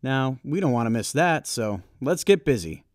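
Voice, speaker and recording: A man voicing a kindly, proud old grandfather in an audiobook reading, talking in a booming, hearty, encouraging way. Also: lively intonation, normal speed, no echo, studio quality, natural voice.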